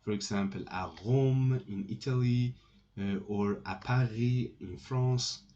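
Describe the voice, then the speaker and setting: Slow, mellow-voiced man teaching French. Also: mid-range voice, fairly even intonation. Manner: slow and repetitive, restarting phrases often. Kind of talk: slow explanatory lesson. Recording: dull lo-fi recording with keyboard typing.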